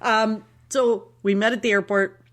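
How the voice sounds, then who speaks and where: A woman's voice: mid-range voice, steady tone, unhurried, a bit bright. A woman from Canada co-hosting a podcast, chatting casually, rambling and correcting herself with giggles. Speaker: podcast co-host. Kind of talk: casual chat.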